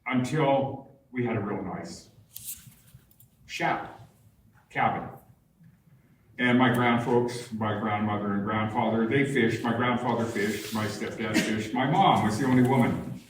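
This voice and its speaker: A man's voice: mid-range voice, slight background noise. Older man telling stories in an echoey hall. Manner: unhurried, humorous storytelling. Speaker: guest speaker at a public talk. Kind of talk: storytelling talk. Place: large barn hall with an audience. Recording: echoey hall, far from the mic.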